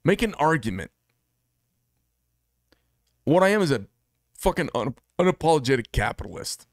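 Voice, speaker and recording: A man's voice: a little high, very animated, moderate pace, no echo, clean studio sound. A middle-aged American man who makes knives, talking alone to camera in a blunt, combative, profane manner. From United States. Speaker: knife maker and channel host. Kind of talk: solo monologue to camera.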